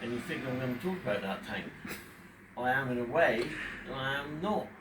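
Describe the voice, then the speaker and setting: A man in his fifties speaking emotionally at home in front of a fish tank, pausing often as he talks about his own experience. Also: medium pitch, animated. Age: 50s. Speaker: vlogger talking about his depression. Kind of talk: unscripted personal talk to camera. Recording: echoey room, distant mic, faint background hum.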